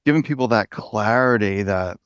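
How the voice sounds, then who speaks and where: A man's voice: on the low side, normal speed, clear, resonant tone, no room sound. A man hosting an interview, talking in an earnest, affirming and reflective way. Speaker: podcast host. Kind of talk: conversational interview.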